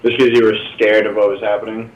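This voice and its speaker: A man hosting a casual podcast chat, asking short questions and reacting quickly. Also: fairly low pitch, level tone, echoey room, dull audio. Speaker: podcast host.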